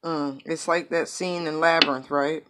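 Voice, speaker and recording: A woman's voice: deep voice, fairly even intonation, normal speed, noisy background. A woman giving a casual tarot reading, rambling with many asides and fillers. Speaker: tarot reader.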